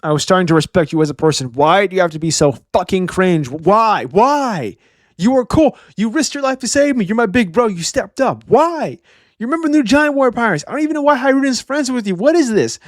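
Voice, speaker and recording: A man's voice: sits high, lively intonation, a little fast, no echo, clean studio sound, voice pushed up. A man doing a whiny exasperated little brother. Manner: whiny, disappointed ranting. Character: exasperated younger brother, male giant.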